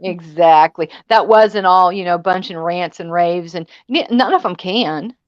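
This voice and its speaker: A woman's voice: fairly low pitch, measured pace, no echo, lo-fi sound. A woman co-hosting a casual livestream panel, talking bluntly and bossily and tossing out insults. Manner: blunt, bossy and name-calling. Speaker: panel co-host.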